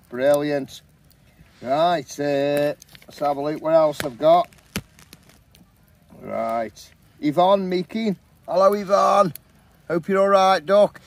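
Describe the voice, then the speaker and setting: Sex: man. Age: middle-aged. Style: casual vlog chat, slow. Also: a little high. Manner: chatty, upbeat, says "awesome, mate" often. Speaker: camping vlogger. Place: campsite, outdoors.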